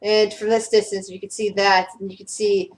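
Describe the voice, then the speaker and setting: A woman's voice: mid-range voice, flat delivery, normal speed, poor audio. A woman running a tabletop game as game master, describing scenes with many fillers and restarts.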